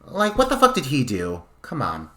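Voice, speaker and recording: A man co-hosting a horror podcast in loose, excitable chat. His voice sits in a middle pitch, and he swears freely and stretches out words for effect. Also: moderate pace. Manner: animated, profane, drawn out for effect. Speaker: podcast co-host. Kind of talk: casual film discussion.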